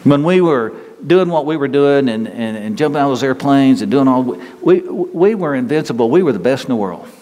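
A man preaching a sermon in a repetitive, emphatic way, climbing higher and louder as he gets stirred. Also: expressive, fairly quick, few pauses. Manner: emphatic, repetitive, rises in pitch and force when stirred. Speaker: pastor. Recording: reverberant hall with faint noise.

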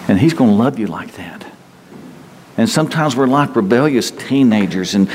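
A man preaching a sermon in a repetitive, emphatic way, climbing higher and louder as he gets stirred. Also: animated, normal speed. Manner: emphatic, repetitive, rises in pitch and force when stirred. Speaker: pastor. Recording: reverberant hall with faint noise.

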